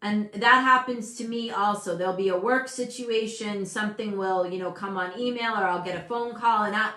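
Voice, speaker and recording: A woman in her fifties hosting a casual motivational talk, animated and emphatic, often breaking off mid-sentence. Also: mid-range voice, normal speed. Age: 50s. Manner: animated, emphatic, self-interrupting. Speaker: host. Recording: echoey room.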